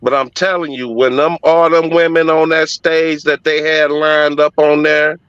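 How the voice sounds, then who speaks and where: Middle-aged man guest, forceful slightly high voice, emphatic cursing storyteller, dull dry lo-fi sound. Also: flat delivery, a little slow, clean tone, no echo. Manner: emphatic, profane, heartfelt retelling. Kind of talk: casual storytelling in conversation.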